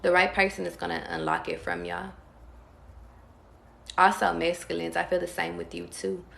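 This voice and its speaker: Tarot reader, woman, calm and drawn-out delivery, low gravelly voice. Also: roomy sound. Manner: calm, drawn-out, talks straight to viewers. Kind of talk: casual tarot reading.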